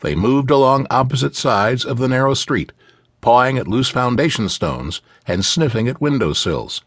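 Lively male audiobook narrator. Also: mid-range voice, normal speed, no echo. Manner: vivid, expressive storytelling. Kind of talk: scripted fantasy narration. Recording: dry studio audiobook.

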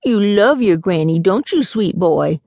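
A woman's voice: medium pitch, lively intonation, measured pace, darkish tone, no room sound. A woman voicing a feisty grandmother in her seventies, sassy and doting. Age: 70s. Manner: sassy, doting, guilt-tripping. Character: feisty 73-year-old Southern grandmother.

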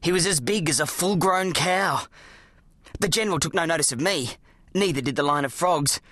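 An audiobook narrator, telling a children's adventure story in an animated, dramatic way. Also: mid-range voice, moderate pace, dry recording. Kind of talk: scripted narration of a children's book.

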